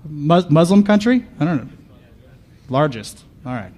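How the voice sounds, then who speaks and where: A man's voice: fairly high pitch, big pitch swings, measured pace, mellow. A man speaking on a conference panel, delivering a comedic live talk with sarcastic, mock-paranoid riffs and questions thrown at the audience. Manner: sarcastic, riffing, asks the crowd questions.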